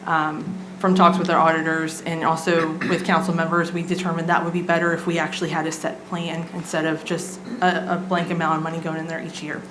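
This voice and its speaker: A woman's voice: low-pitched, little pitch movement, a little fast, few pauses. A woman, a city staff member presenting a budget item at a council meeting in a casual way with many filler ums. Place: council chamber. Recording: echoey chamber, background noise.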